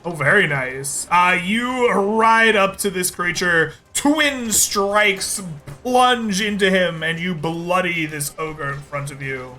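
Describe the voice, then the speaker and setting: A slow, deliberate male game master with a bright, high-set voice, laughing easily as he narrates the fight. Soft background music plays under his voice. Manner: unhurried, laughs often.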